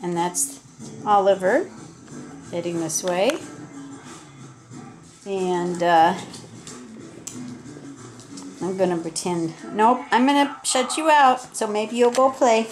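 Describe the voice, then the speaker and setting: A woman's voice: on the high side, takes it slowly, long pauses, a little mellow, soft background music. Older woman chatting to her puppies. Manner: sing-song baby talk to puppies, chatty asides. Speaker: puppy owner filming her dogs. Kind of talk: casual home video chat. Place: indoor room at home with puppies.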